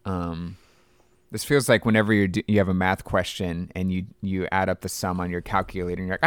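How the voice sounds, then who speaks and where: Deep-voiced man chatting about movies. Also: little pitch movement, a little fast, smooth, no room sound. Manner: chatty, lots of fillers like "like". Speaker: podcast co-host. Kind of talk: casual movie podcast chat.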